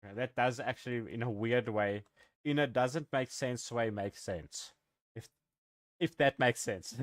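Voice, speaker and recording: A man's voice: mid-range voice, unhurried, no echo, studio quality. A man from Africa, live-streaming a game and chatting in a rambling, joking way with his viewers. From South Africa. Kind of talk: casual live-stream chat.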